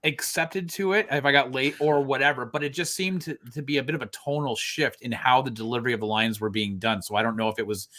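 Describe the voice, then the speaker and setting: A man's voice: medium pitch, fast, hardly any pauses, bright, forceful tone. A man co-hosting a podcast, chatting casually about a TV series, laughing often and wandering into asides. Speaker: podcast co-host. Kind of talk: casual chat.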